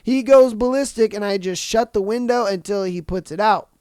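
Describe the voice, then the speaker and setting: Profane, animated podcast host. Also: male voice, high voice, normal speed, clean tone, no room sound. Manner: profane, animated storytelling with bursts of yelling. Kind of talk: reading a story and ranting.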